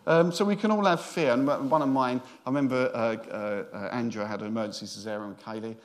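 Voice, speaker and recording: A man's voice: medium pitch, quick pace. A middle-aged man, a senior minister giving a sermon in a chatty, joking storytelling way.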